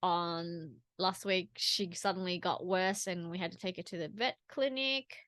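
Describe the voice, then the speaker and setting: A woman's voice: on the low side, unhurried, a bit bright, no room sound. A woman talking straight to camera in a personal vlog, earnest and rambling, with restarts and asides. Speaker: vlogger.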